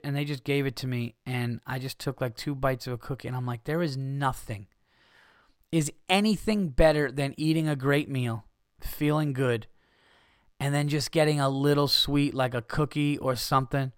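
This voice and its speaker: A man's voice: mid-range voice, moderate pace, smooth, no room sound, clean studio sound. A man hosting his own podcast, ranting in casual comedy style, swearing freely and acting out the people in his stories. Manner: profane, animated, acts out quoted people. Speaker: podcast host. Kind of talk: casual solo comedy rant.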